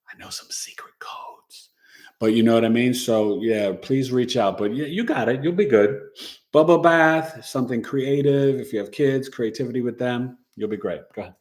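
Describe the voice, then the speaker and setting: Chatty animated male astrology host. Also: on the low side. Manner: animated, chatty, drops in Spanish words, playful. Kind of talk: casual livestream chat, reading chart comments.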